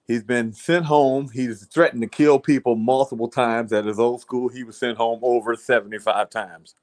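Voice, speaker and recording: A man's voice: medium pitch, steady tone, normal speed. A man casually telling a long story to friends in a blunt, profane way, repeating "I said" as he retells it. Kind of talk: casual chat.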